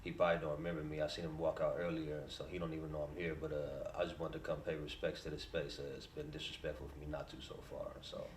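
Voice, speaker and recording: A man at an open mic performing a rhythmic rhyming spoken word tribute, then speaking softly and hesitantly. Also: very deep voice, level tone, quick pace, hardly any pauses, distant mic. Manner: rhythmic rhyming delivery, soft hesitant when chatting. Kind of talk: spoken word poetry then casual remarks. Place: open mic at a poetry library. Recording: echoey room, heard from afar, faint noise.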